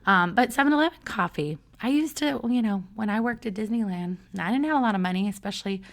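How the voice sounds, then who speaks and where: A woman's voice: medium pitch, lively intonation, fast talker. A middle-aged woman hosting a solo podcast, talking casually in a chatty, self-mocking way and laughing often. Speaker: podcast host.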